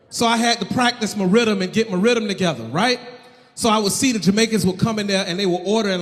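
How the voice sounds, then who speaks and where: A man in his thirties performing live stand-up comedy, loud and animated, often shouting. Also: sits high, fast talker. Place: comedy stage in Miami. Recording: live set with hall reverb.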